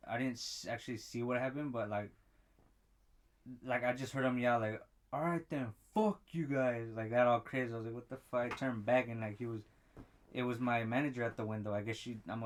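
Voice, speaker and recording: A young man, a podcast co-host, in casual profane chat, acting out the people in his story. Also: fairly low pitch. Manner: profane storytelling, acts out quotes.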